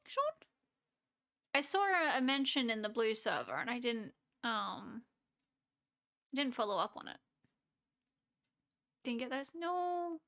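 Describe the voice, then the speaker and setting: A woman's voice: sits high, animated, slow, pauses often, a bit bright. A woman with an Australian accent, chatting casually on a live stream in a rambling way, often laughing and trailing off. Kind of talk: casual chat with a live audience.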